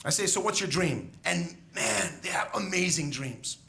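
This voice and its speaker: A man's voice: on the high side, big pitch swings, normal speed, sharp tone. A man who is a school educator, giving a graduation speech in an emphatic storytelling manner, asking the graduates rhetorical questions.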